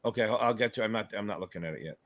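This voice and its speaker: A man's voice: on the low side, very fast. A man hosting a live exam-prep Q&A stream, chatting casually, swearing freely, hyping up viewers and thinking aloud as he reads comments. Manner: animated, profane, hypes up viewers; scattered, thinks aloud while reading comments. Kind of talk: casual livestream chat.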